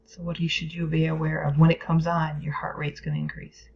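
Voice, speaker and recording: A woman's voice: low voice, little pitch movement, fairly quick, vocal fry. A woman teaching a lesson on stress and the brain, explaining plainly with playful whispered asides and acted inner voices. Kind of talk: educational video lesson. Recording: dull lo-fi recording.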